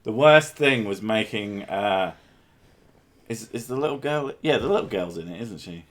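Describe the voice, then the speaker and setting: A man's voice: on the low side, animated, normal speed. A man hosting a casual livestream, reading viewer comments aloud with crude jokes and frequent laughter. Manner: crude, joking, laughs often. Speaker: streamer host.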